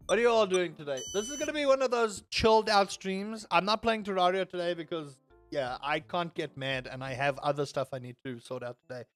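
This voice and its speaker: A young man streaming a game and chatting to his viewers in a rambling, animated way, ranting half in jest. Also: high-pitched, normal speed, no echo, soft background music. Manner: rambling and animated, with self-mocking rants to chat. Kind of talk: casual live-stream chat while playing.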